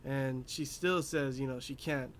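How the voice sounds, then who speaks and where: A man's voice: medium pitch, a little slow, slight background noise. Rambling young man recapping an anime. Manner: rambling, many fillers, laughs at his own asides. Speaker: anime reviewer. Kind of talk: casual episode recap.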